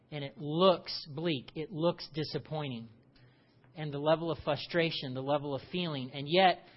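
A man preaching a conversational sermon, animated and full of rhetorical questions. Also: a little high, highs cut off. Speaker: pastor.

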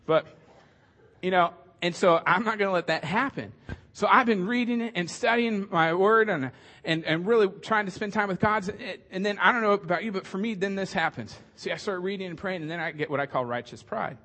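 Chatty pastor with a higher voice. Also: male voice, fairly quick, bright, forceful tone. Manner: conversational, joking, many fillers. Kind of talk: casual sermon.

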